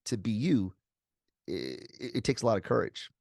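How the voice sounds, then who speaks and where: Low-voiced energetic man, dry sound. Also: normal speed, vocal fry, no echo. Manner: energetic, articulate, uses slang. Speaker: guest author. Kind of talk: conversational interview answers. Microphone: video call.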